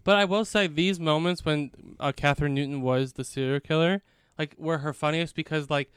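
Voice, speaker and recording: A man with a slightly high, clean voice, chatting casually on a podcast, often laughing and asking questions. The sound is close and dry. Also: brisk, a bit bright, clean tone, no room sound. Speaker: podcast co-host. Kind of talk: casual chat.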